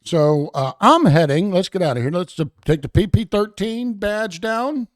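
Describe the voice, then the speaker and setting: A man's voice: high-pitched, moderate pace, dry recording, studio quality. A man hosting a show with rambling, sarcastic commentary, meandering and talking to his chat. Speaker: show host.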